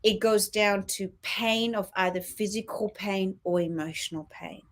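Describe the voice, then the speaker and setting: Woman, co-host, earnest talk-show voice, mid pitch. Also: a little slow. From Australia. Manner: earnest, with lively quoted asides. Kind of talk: casual spiritual chat.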